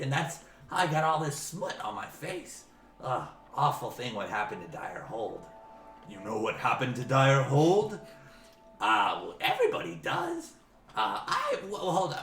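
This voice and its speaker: A man voicing a fat, fawning male goblin who babbles nervously in a squeaky, giggly voice. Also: fairly bright tone, heavily acted. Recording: roomy echo, faint music.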